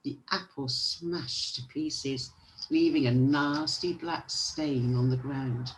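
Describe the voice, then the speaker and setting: A storyteller reading a children's picture book aloud with expressive delivery. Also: mid-range voice, takes it slowly, a little hiss or hum, poor audio.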